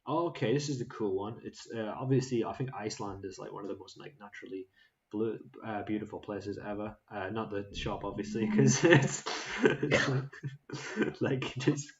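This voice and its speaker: A man's voice: lowish voice, moderate pace, muffled recording. A man co-hosting a casual chat show, rambling with lots of fillers and frequent laughter. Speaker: co-host.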